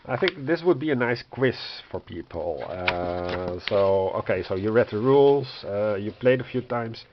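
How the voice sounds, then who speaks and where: A man's voice: on the low side, expressive, measured pace. A man losing his voice who coughs often, thinking aloud as he reads through a rulebook, hesitant and full of fillers, wryly exasperated. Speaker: board game reviewer. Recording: dull lo-fi sound with faint noise.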